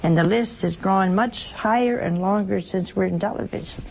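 A woman's voice: medium pitch, moderate pace, vocal fry, crowd noise, noisy background. An older woman, a nun, giving a folksy, playful spiritual talk on a call-in television program in a studio, chuckling often between points.

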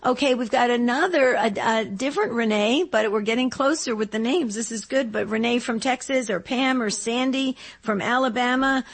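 A woman hosting a Catholic call-in radio show, encouraging and gently probing as she talks with callers. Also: fairly high pitch, moderate pace, hardly any pauses.

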